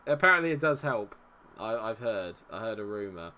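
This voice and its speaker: A young man commentating his own game on stream, muttering tensely and then yelling and swearing. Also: lowish voice, very animated, moderate pace, slight background noise. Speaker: gaming streamer.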